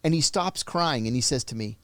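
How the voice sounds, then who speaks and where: A man's voice: mid-range voice, lively intonation, brisk, fairly bright tone, no echo, studio quality. A man who is a former intelligence officer, telling a story in a podcast interview and acting out the dialogue.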